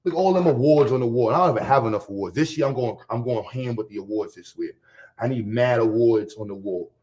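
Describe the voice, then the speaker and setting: A man's voice: medium pitch, a little fast. Brash, profane man from Harlem. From Harlem, New York. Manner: profane, boastful street slang, loud bursts. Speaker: livestream host. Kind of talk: casual livestream rant.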